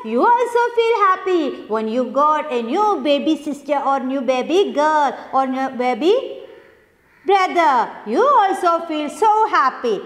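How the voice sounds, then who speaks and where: A woman teaching an English lesson to young pupils, repeating each point and coaxing answers with simple questions. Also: sits high. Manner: slow, repetitive, coaxing questions. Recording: echoey room with long reverb.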